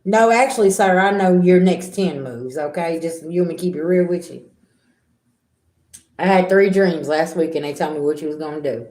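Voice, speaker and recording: A woman's voice: on the low side, moderate pace, darkish tone, roomy sound. A middle-aged woman giving a casual tarot reading, blunt and repetitive, talking straight to her viewers. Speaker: tarot reader.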